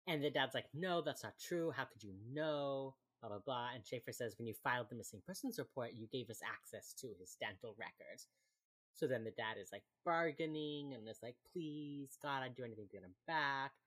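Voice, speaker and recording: A woman's voice: extremely low pitch, slightly rough. A young woman co-hosting a podcast, casually recapping a TV episode, chatty and laughing often as she acts out the characters' lines. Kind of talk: casual chat.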